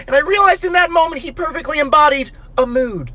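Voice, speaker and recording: Brief: young American man, comic storyteller, bright, lively high voice, dry close sound. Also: fast, no room sound. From United States. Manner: animated, exaggerated voices for family members, outraged bursts. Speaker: comedy storyteller.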